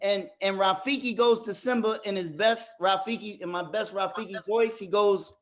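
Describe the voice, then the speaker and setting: A man leading a motivational group coaching session over a video call, talking straight to the group as a lively storyteller. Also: high voice, normal speed, hardly any pauses. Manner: animated storyteller, addresses the group directly. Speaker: workshop facilitator.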